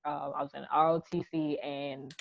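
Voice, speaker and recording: A woman's voice: deep voice, flat delivery, normal speed, vocal fry. A young woman from Charleston, South Carolina, co-hosting a casual podcast chat and telling stories frankly, often quoting people. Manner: frank storytelling, quotes others in voices. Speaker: podcast co-host. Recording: dull, lo-fi podcast audio.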